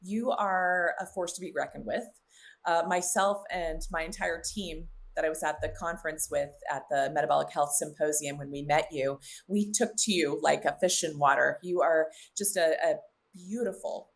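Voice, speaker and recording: Low-voiced woman, heartfelt guest. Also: moderate pace, gravelly. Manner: heartfelt, fluent, enthusiastic lists. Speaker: naturopathic oncologist, guest. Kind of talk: casual podcast interview.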